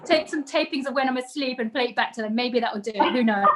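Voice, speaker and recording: Bubbly high-voiced woman host. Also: very noisy. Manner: bubbly, laughs often. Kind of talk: casual interview chat.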